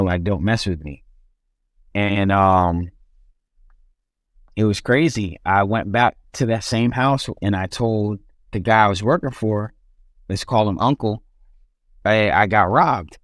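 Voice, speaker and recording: A man's voice: on the low side, no room sound, studio quality. A young man, a podcast guest, telling his own story in casual speech with frequent restarts and fillers.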